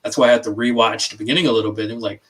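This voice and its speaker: A man's voice: fairly low pitch, rapid-fire. A man co-hosting a podcast, swearing freely and telling stories animatedly in casual movie review chat. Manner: animated, profane storytelling. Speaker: podcast co-host.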